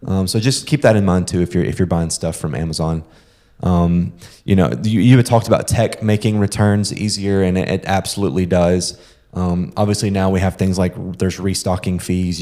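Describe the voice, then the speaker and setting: A man's voice: sits low, steady tone, brisk, warm tone. A young man co-hosting a podcast, explaining practical tips to listeners in a casual way with frequent "um". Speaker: podcast co-host.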